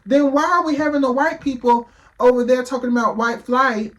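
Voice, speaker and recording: A man's voice: extremely high pitch, steady tone, fairly quick, fairly bright tone. A man giving heated reaction commentary, firing off rhetorical questions and swearing freely.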